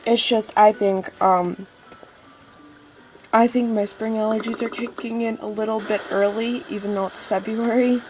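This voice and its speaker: A woman's voice: a little high, steady tone, moderate pace, a little mellow, low-quality recording. Congested woman chatting over gameplay. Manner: rambling, apologetic, lots of fillers. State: congested, stuffy. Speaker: let's play gamer. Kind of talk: casual game commentary. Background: game music.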